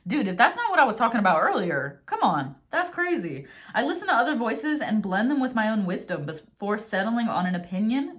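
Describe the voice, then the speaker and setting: A young adult woman giving a casual tarot reading, swinging between animated, swearing rants and soft, slow readings of affirmations from her card book. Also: mid-range voice. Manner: animated, swears freely, gets worked up then reads affirmations softly. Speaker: tarot reader.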